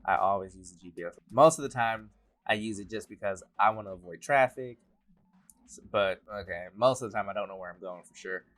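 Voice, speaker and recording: Easygoing guy chatting about his sketches, laughs a lot, lowish voice. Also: a little fast. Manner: relaxed, laughs often, loose rambling sentences. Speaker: writer and director. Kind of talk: behind-the-scenes interview.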